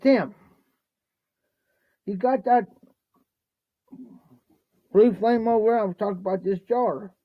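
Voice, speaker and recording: Mixing drinks at home on a phone livestream, this Ohio man spins a folksy story that rambles and repeats, peppered with "no joke." He sounds high-pitched and animated, a little slow with long pauses, and the audio is muffled with no echo.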